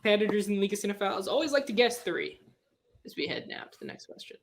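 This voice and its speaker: A woman's voice: mid-range voice, lively intonation, very fast. A woman co-hosting a trivia game show, playfully announcing questions and teasing the contestants. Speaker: co-host.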